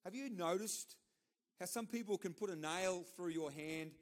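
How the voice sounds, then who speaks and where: A middle-aged Australian pastor delivers a sermon in a loose, story-driven way at normal speed. His voice is a bit higher than typical for a man, and he drives his points home through repetition and emphatic asides.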